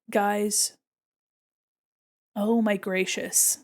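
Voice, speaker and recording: A young adult woman chatting casually on her art livestream, excitable and gushing, giggling often. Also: on the high side, moderate pace. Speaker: art streamer.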